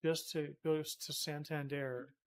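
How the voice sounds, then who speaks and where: A man's voice: a little high, little pitch movement, measured pace. A man streaming a driving game live, rambling to himself and a few viewers as he plays. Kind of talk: casual live-stream commentary while playing. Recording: heavy noise behind the voice.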